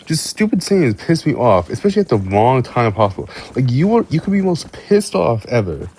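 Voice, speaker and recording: A man's voice: medium pitch, very animated, brisk, a little mellow, a little hiss or hum. A man ranting casually to camera, stammering and swearing, often breaking into laughs. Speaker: vlogger. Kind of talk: casual rant.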